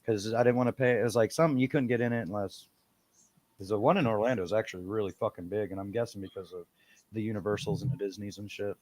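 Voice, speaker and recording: A man co-hosting a casual talk show rambles through his stories, crude and swearing often. He talks quickly in a fairly low, darkish voice.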